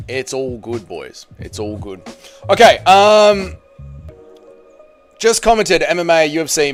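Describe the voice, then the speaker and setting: Chatty Australian man, lively pitch. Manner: chatty, rambling, slangy, jokey. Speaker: MMA channel livestream host. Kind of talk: casual livestream chat, reading viewer comments.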